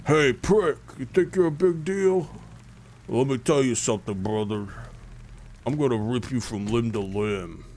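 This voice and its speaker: A man's voice: mid-range voice, unhurried, a little mellow, a little hiss or hum, close to an everyday voice. A man putting on the voice of a brash, threatening male thug while reading game dialogue aloud. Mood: menacing. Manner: taunting, aggressive.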